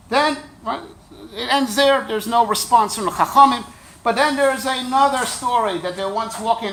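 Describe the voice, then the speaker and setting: A man's voice: very high voice, fairly bright tone. A man teaching a Torah class as a rabbi, conversational and wry, often checking in with his listeners. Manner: conversational, keeps checking in with "right?"; wry, joking asides.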